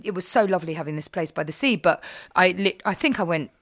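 A woman's voice: on the low side, fast talker, fairly bright tone. A middle-aged woman chatting as a guest, telling long rambling anecdotes. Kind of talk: casual chat, anecdote.

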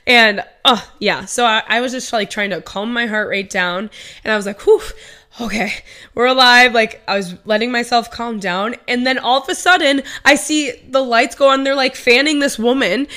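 A bright-voiced young woman in her twenties chats through a personal story as a podcast host. She talks casually and animatedly, full of "like" and "um", and acts out her own reactions as she goes. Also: fairly high pitch.

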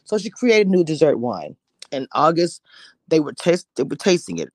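A woman's voice: deep voice, big pitch swings, moderate pace, a little mellow, no echo, clean studio sound. A woman recapping a TV episode in a casual, chatty way, sometimes dropping to a whisper for emphasis. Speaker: TV show reviewer.

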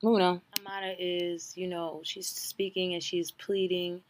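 A woman hosting a podcast, giving a casual comedic recap, animated and profane, swinging from loud exclamations to hushed asides. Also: fairly low pitch, moderate pace, a little hiss or hum. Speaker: podcast host recapping a reality show.

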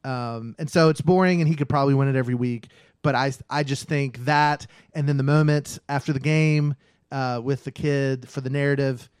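A man co-hosting a casual sports podcast, rattling off stats quickly and emphatically. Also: mid-range voice, fairly even intonation, clear, resonant tone, dry recording, studio quality. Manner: quick, stat-heavy, emphatic. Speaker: podcast co-host.

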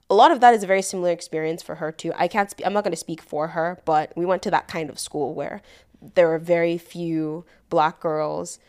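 A woman co-hosts a podcast in a clear, resonant voice on the low side. She talks earnestly and reflectively in casual conversation, scattering "like" throughout as filler.

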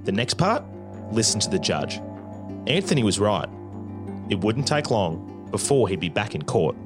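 A man's voice: lowish voice, very animated, normal speed. A man narrating a crime documentary from a script, with dramatic, wry commentary. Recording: narration over guitar music.

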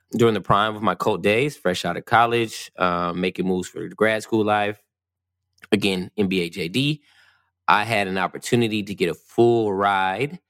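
A man telling a personal story in relaxed casual chat, with many ums and a self-deprecating tone. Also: deep voice, no echo, clean studio sound. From US West Coast.

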